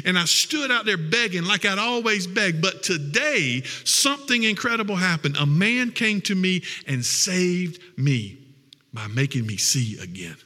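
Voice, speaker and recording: A man's voice: sits high, bright, forceful tone, big-room sound. A preacher playing a jubilant healed blind man.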